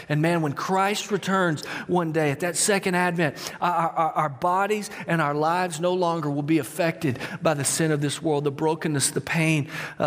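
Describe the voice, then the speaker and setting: High-voiced man preaching in a reverberant hall. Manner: animated, repeats words, talks directly to congregation. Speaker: pastor. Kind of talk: sermon.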